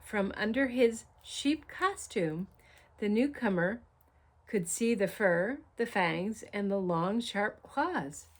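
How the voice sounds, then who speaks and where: A woman reads a picture book aloud, taking her time over each line at a slow pace. Her voice sits at a middle pitch, and she tells the story expressively, dropping into soft asides to the listener. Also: lively intonation. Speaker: storybook reader.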